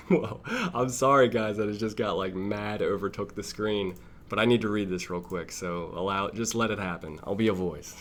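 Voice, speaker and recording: A man's voice: lowish voice, moderate pace, fairly bright tone, slight background noise. A man giving casual reaction commentary as a video theory vlogger, chatty and thinking aloud, sitting close to his mic.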